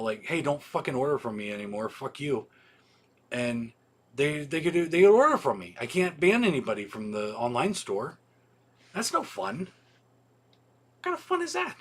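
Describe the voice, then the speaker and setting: A man chats casually on a livestream. He rambles and restarts, swears often, and fills his pauses with ums. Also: mid-range voice, husky. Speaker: video store owner hosting a weekly livestream.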